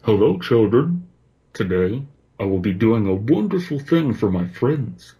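A man voicing a sinister masked bear who hosts a children's show, speaking in a calm, muffled voice. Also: lowish voice, measured pace. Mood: eerie calm.

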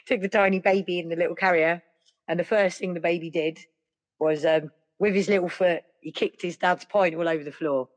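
A middle-aged woman, a podcast guest telling stories in a lively, casual way. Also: fairly low pitch, moderate pace. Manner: lively, acts out other people's voices. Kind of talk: casual storytelling.

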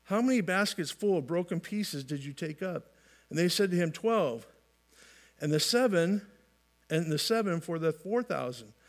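Man, high voice, folksy preacher, restarts phrases, light jokes, sermon delivery. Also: lively intonation, moderate pace. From California. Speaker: pastor.

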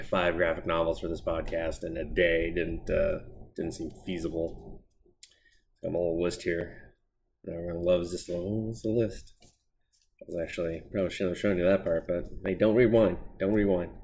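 A man's voice: low voice, a little mellow, slight background noise. A man hosting a podcast, casually reviewing comic books in a blunt, sarcastic, sweary way. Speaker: podcast host. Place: home desk.

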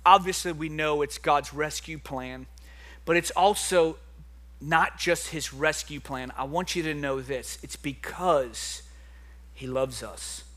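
A young man preaching a sermon, animated, swinging between soft quiet stretches and loud emphatic bursts. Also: fairly high pitch, takes it slowly.

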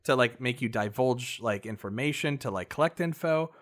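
A man's voice: mid-range voice, expressive, moderate pace, fairly bright tone. A man in casual podcast chat, explaining at length in a laid-back way, full of fillers. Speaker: podcast co-host.

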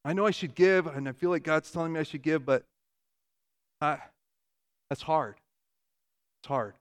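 Animated male pastor preaching a sermon. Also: fairly high pitch. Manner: conversational, animated storytelling with quick shifts in loudness.

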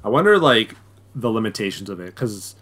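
A man's voice: fairly low pitch, big pitch swings, a little fast, fairly bright tone. A young man co-hosting a podcast in casual chat, rambling with lots of fillers. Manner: rambling, filler-heavy, restarts often. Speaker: podcast co-host.

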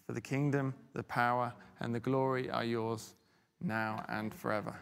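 A man leading a church in prayer, reciting each phrase slowly and evenly. His mid-pitched voice sounds distant, with a long church reverb trailing behind it. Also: little pitch movement, vocal fry, clear, resonant tone. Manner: slow, measured recitation.

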